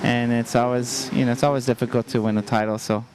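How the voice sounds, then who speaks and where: A man answering post-race interview questions in a modest, halting way, speaking in short phrases. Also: mid-range voice, level tone, background noise. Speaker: athlete being interviewed. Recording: outdoor event with crowd behind.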